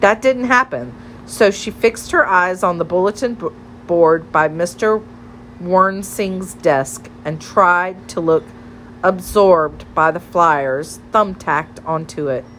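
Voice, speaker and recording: A woman narrates a storybook in a gentle, measured way, slow and a bit low-pitched. A faint hiss of ambience sits under the voice. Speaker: audiobook narrator.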